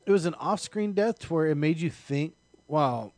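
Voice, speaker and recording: A man's voice: a little high, fairly quick, darkish tone, no room sound. A man co-hosting a casual podcast chat, explaining things eagerly. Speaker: podcast co-host.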